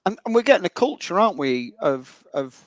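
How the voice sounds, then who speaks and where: A man's voice: high-pitched, big pitch swings, a little fast, dry recording. A man co-hosting a football fan podcast, thoughtful and hesitant with frequent ums. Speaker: podcast co-host. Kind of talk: casual fan podcast chat.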